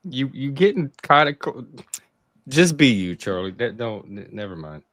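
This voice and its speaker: A man hosting a casual group chat, relaxed and talkative, prodding and joking with others. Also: mid-range voice, moderate pace, no echo, clean studio sound. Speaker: host.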